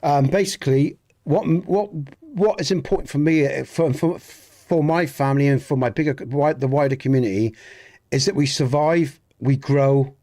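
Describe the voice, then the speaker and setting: A warm, medium-pitched man's voice at a moderate pace. The speaker, a streamer from England with a Dorset accent from the Southwest, chats casually and earnestly with his livestream viewers during a game, rambling, restarting often, and swearing a little.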